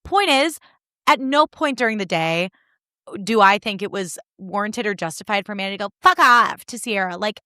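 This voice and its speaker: A young woman hosting a solo podcast, recapping reality TV in animated, indignant, sarcastic talk with plenty of swearing. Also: mid-range voice, brisk, clear, resonant tone, no room sound, studio quality. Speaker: podcast host.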